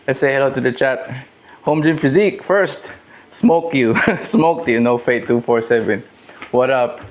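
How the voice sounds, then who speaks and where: A man hosting a casual fitness live stream from his home gym, talking in a loose, rambling and joking way. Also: mid-range voice. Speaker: fitness livestream host.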